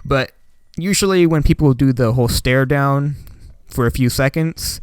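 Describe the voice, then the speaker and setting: Young guy telling a story casually, animated retelling, mid pitch, dead dry room. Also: normal speed, clean tone, no echo. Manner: rambling, animated retelling with filler words. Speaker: YouTuber.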